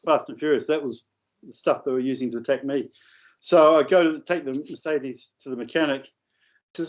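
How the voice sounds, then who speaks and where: A man telling a long, rambling anecdote in a casual, animated way, with coarse language. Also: medium pitch, unhurried, pauses often. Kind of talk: casual storytelling. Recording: dull lo-fi audio.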